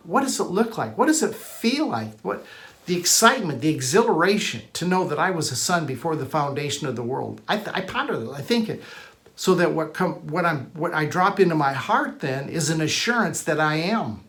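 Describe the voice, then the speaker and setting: Male preacher-teacher, somewhat high pitch, insistent repetitive sermon delivery. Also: very animated, moderate pace, fairly bright tone. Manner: emphatic, repetitive, rising to stress key words.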